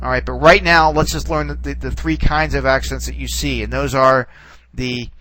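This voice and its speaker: A man teaching a recorded lesson, relaxed and reassuring, who stops and restarts often and checks in with "okay.". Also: mid-range voice, low-quality recording. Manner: halting, full of restarts and "okay"s. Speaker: Greek teacher. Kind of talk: recorded classroom lecture.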